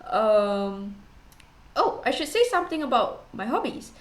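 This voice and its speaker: A young woman streamer chatting casually with her viewers, rambling and giggly and quick to poke fun at herself. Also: a little high, big pitch swings. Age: young adult. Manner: rambling, giggly, self-deprecating. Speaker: VTuber streamer. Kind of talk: casual chat. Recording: roomy echo.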